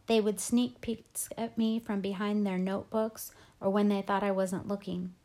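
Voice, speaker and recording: A woman reading a novel aloud in first person, at a calm, steady pace with brief offhand asides. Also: medium pitch. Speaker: audiobook reader.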